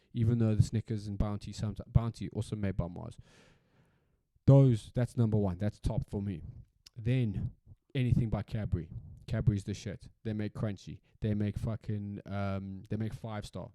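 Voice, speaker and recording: A South African man hosts a solo podcast, ranting in a casual, rambling way, swearing freely and repeating himself for emphasis. His voice is lowish with a dark tone and no echo.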